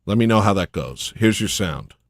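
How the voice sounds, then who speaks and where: A man's voice: on the low side, lively intonation, normal speed, noisy background. A man hosting a casual livestream, ranting and mocking in a brash, loose way. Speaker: livestream host.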